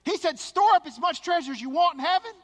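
A male pastor delivers a sermon in a very high, bright voice. He is emphatic and drives his points home by repeating words. His voice carries a long reverb, as in a large hall. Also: expressive, fast talker.

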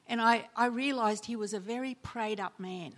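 A woman's voice: on the high side, normal speed. A woman preaching a sermon, telling personal stories and acting out the people she quotes with sudden emotional lifts. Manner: storytelling, acts out quoted voices with sudden loud emotional lifts. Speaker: preacher and chaplain.

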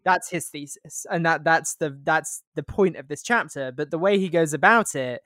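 A man's voice: a little high, normal speed, pushed and bright, dry recording. A podcast co-host with a wry, blunt way of talking. His voice is recorded dry and close, with no room sound, and he keeps to an easy, conversational chat.

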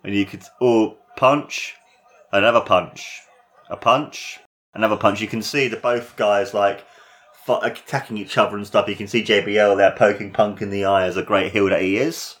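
A man giving casual, excitable play-by-play commentary on a wrestling match, his voice jumping up at big moves and swearing now and then. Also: lowish voice, moderate pace.

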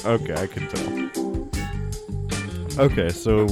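A man's voice: lowish voice, slow pace, over loud music. A man chatting in a game voice chat, teasing the others.

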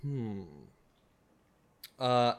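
A man narrating a tabletop game as game master, in a lively storytelling manner. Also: mid-range voice, extremely slow, clear, resonant tone.

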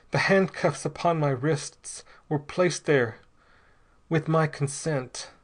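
A man voicing a desperate, possessed grown man, in a high, strained, pleading voice.

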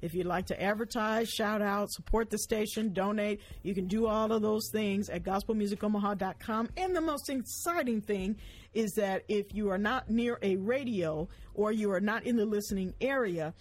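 Husky-voiced woman gospel radio host. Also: mid-range voice, moderate pace. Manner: chatty, repeats points for emphasis. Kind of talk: casual radio chat. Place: radio studio.

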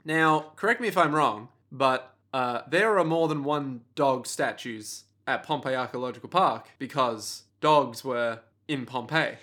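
A man's voice: medium pitch, measured pace, hardly any pauses, bright, forceful tone. A man co-hosting a casual anime podcast, teasing and playful, swearing casually. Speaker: podcast co-host. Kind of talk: casual anime recap chat.

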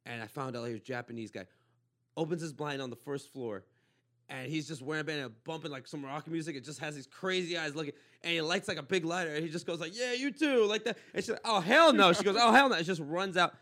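A man's voice: a little high, fast, sharp tone. A man from Los Angeles hosting a podcast, telling a rambling, laughing story in casual chat. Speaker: podcast host.

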